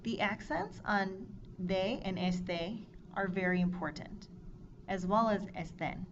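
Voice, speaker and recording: Woman teaching Spanish, lo-fi noisy recording. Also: medium pitch. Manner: clear, measured explanation with drilled verb forms. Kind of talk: scripted lesson narration. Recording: dull lo-fi recording with audible noise.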